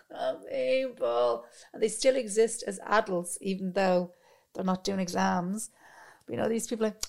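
Animated, swearing woman. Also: medium pitch, normal speed, creaky. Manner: animated, swears freely, acts out quotes. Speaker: podcast co-host. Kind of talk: casual chat.

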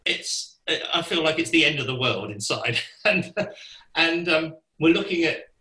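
Older man, lively anecdote-teller, bright slightly high voice, roomy echo. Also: unhurried. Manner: animated, acts out quoted voices, laughs through the story. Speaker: guest musician. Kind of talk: anecdotal storytelling.

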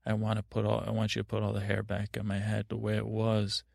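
A man's voice: lowish voice, monotone, fast, gravelly, darkish tone, dry recording, studio quality. A man hosting a sleep podcast, telling a meandering, absurd bedtime story that keeps trailing off and restarting. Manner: meandering, absurd, self-interrupting. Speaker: podcast host.

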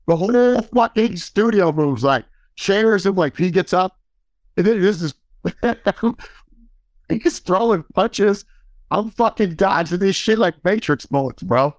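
A man's voice: on the high side, animated, normal speed, no echo, studio quality. A man casually telling a long, profane story, acting out quoted dialogue and laughing as he goes.

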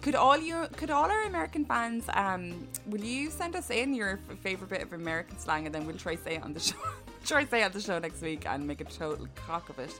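Irish female co-host with a bright, cutting voice who reads out listener questions with crude jokes. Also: mid-range voice, big pitch swings, brisk, few pauses, soft background music. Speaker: podcast co-host. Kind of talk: casual chat.

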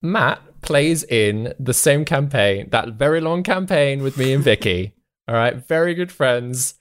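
Lively man with an animated voice. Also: mid-range voice, a little slow. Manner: lively, laughing storyteller. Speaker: podcast co-host, game master. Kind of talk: casual chat.

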